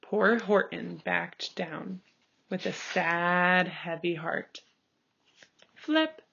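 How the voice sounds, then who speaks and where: Slow, bright-voiced woman reading aloud. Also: lowish voice, creaky, husky. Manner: slow, expressive read-aloud, calls out page turns. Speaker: storybook reader. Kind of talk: reading a picture book aloud. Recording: dull lo-fi recording.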